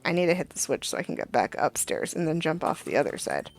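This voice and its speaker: A woman's voice: low voice, big pitch swings, fast, creaky. A young adult woman streaming a game, chatting casually and telling a rambling story full of fillers and asides. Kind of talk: casual gaming chat. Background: faint game music.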